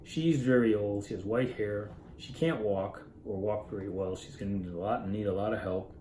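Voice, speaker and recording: A man's fairly low, mellow voice carries an informal retelling and commentary on a classic story at a moderate pace. He is an earnest literature reader who muses aloud and corrects himself, captured in a low-quality recording with room echo and a little hiss or hum.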